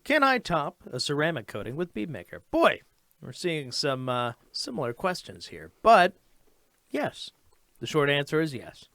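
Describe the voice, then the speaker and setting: A man co-hosting a casual livestream Q&A, answering viewer questions in an easygoing, animated way. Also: a little high, normal speed, gravelly, no room sound, clean studio sound. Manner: animated, easygoing, laughs often.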